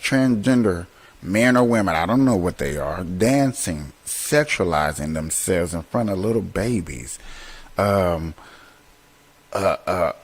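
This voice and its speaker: Slow, emphatic man. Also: on the low side, poor audio. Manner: slow, emphatic, repeats words for stress. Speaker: host. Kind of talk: commentary to viewers.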